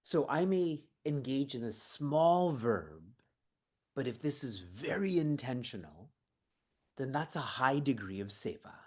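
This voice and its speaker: A man's voice: mid-range voice, expressive, a little slow, a little mellow. Man guiding a playful online session. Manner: engaging, asks the audience questions; playful, laughs between points. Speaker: seva training guide. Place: home prayer room.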